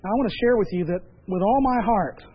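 A man preaching as pastor, emphatic and measured, with repeated phrases. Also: sits high, slightly rough, dull audio. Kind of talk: sermon.

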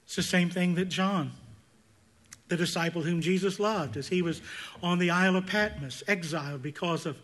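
A man preaching a sermon, swinging between loud emphatic peaks and hushed, intense passages. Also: sits high, moderate pace. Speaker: pastor.

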